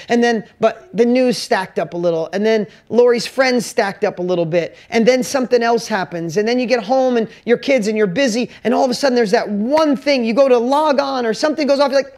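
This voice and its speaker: A woman's voice: fairly high pitch, brisk, hardly any pauses, a little mellow. A woman business coach giving a motivational talk to a course audience, speaking emphatically and straight to her listeners with lots of rhetorical questions.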